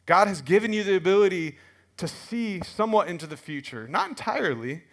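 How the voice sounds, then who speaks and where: A middle-aged man preaching a sermon in a church, telling stories in a conversational, animated way with frequent restarts. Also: high voice, fairly quick, vocal fry. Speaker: pastor. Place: church sanctuary.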